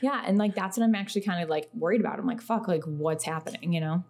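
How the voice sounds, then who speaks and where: A woman telling a story in a casual podcast chat, animated and full of "like", acting out what people said. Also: fairly low pitch, fast talker. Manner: animated storyteller, heavy use of "like", acts out quoted speech. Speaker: podcast guest.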